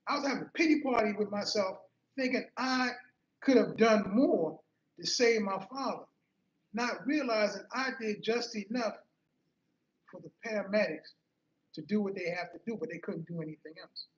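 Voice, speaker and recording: A man's voice: high-pitched, normal speed. A man giving an earnest personal motivational talk, telling a story and repeating key phrases for emphasis. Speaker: motivational speaker. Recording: roomy, slightly muffled.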